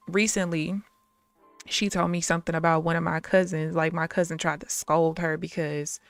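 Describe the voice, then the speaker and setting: A woman telling stories on a live stream, animated and blunt, laughing often and swearing freely. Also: fairly low pitch, clean tone, no echo. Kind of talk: casual storytelling on a live stream.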